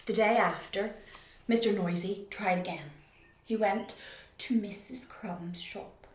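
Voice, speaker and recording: A woman's voice: mid-range voice, steady tone, slow. A woman reading a children's story aloud, playful and often dropping to a whisper. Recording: roomy echo.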